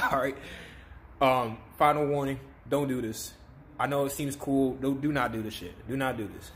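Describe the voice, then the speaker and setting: A young YouTuber with a mid-range, slightly bright voice talks at normal speed, with a little hiss or hum in the audio. Sniffling and in pain from a spicy chip challenge, he addresses the camera casually while pleading in short, repeated, distressed bursts.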